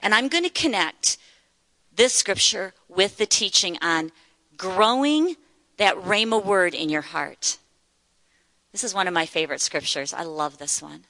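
Bright, earnest woman teaching a sermon. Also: lowish voice, animated, moderate pace, no echo, long reverb tail. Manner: earnest, repeats words for emphasis. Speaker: Bible teacher. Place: church meeting room.

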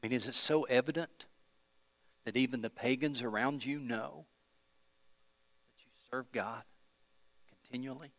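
A man's voice: medium pitch, a little slow, pauses often, fairly bright tone, dry recording, long reverb tail. A man pastor preaching a sermon, emphatic and putting questions to the congregation.

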